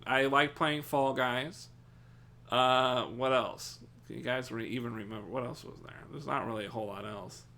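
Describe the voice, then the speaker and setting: A man streaming live, chatting casually with his viewers, cursing freely, laughing often and yelling at chat when excited. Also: mid-range voice.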